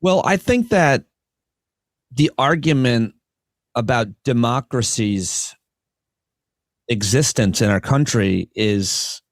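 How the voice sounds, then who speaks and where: A man, a comic and podcast host, talking as a guest on a casual podcast and building long, earnest arguments in quick bursts. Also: medium pitch, lively intonation, dry recording, studio quality.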